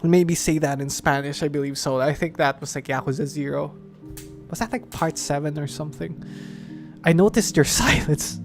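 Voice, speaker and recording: This is a streamer from the Philippines talking casually on a live stream. The talk rambles from one idea to the next, playful and loose, with frequent swearing and laughter. The voice sits at a mid-range pitch, and music plays clearly in the background. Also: normal speed.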